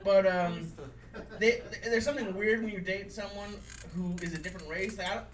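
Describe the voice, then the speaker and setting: A man's voice: sits high, steady tone, brisk. A young adult man performing a self-deprecating stand-up set at a live show, rambling with many fillers. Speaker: stand-up comedian. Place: comedy venue with live audience. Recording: roomy live room, far from the mic, noisy. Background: audience laughter.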